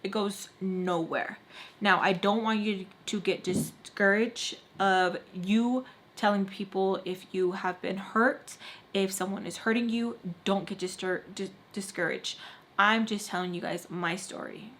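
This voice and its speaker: A young woman vlogger recounting a story straight to camera, chatty and filler-heavy. Her pitch sits in an ordinary middle range, and her tone stays blunt and fed up as she talks. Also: fairly even intonation, measured pace, fairly bright tone. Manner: frustrated, blunt tone. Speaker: beauty vlogger. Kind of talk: casual storytime.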